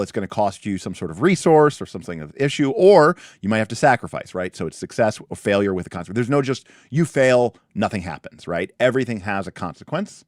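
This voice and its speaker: Man, low voice, very lively pitch, casual game livestream host, restarts and asides, dry sound. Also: no echo. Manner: animated, many restarts and asides. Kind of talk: casual chat reviewing a tabletop game.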